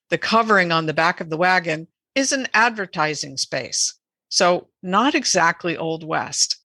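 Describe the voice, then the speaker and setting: Woman guest, bright and forceful, dry close mic, measured and earnest. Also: fairly low pitch, no room sound. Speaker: animal rights advocate guest. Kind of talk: podcast interview.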